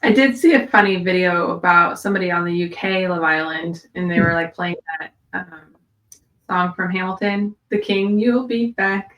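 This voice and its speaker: A woman's voice: fairly low pitch, normal speed, fairly bright tone, reverberant, rough recording. A woman co-hosting a podcast in casual chat, chatty and trailing off with lots of fillers. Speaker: podcast co-host.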